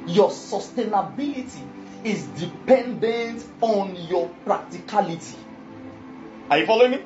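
Emphatic preacher with a lively, swinging voice. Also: mid-range voice, a little slow, over music. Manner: emphatic, keeps asking the audience questions. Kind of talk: sermon. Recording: dull lo-fi recording.

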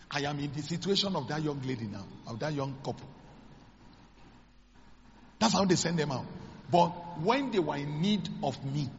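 A Nigerian man, a pastor, preaching a sermon as dramatic storytelling, acting out the dialogue with sudden high exclamations. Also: long reverb tail, muffled recording, slight background noise.

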